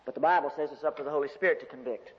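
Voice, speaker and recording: Male preacher, high voice, lively folksy sermon delivery, dull recording with long church reverb. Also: very fast. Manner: animated, folksy storytelling with humor.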